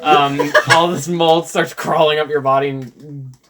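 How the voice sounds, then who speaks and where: A man's voice: fairly high pitch, steady tone, measured pace, music in the background. Man, game master, casual narration, lots of ums and likes, tabletop session. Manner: loose and casual, many fillers, laughs easily.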